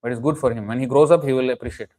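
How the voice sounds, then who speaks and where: A man's voice: mid-range voice, steady tone, racing, mellow, low-quality recording. A man giving an earnest, emphatic sermon, often restarting phrases and chanting Sanskrit verses. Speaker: preacher. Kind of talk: sermon lecture.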